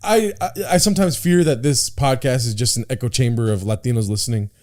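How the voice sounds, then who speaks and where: A man's voice: mid-range voice, brisk, a little mellow. A man co-hosting a podcast in casual chat, blunt and profane, often stumbling over repeated words as he starts a sentence. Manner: blunt and profane, with stammered restarts. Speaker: podcast co-host.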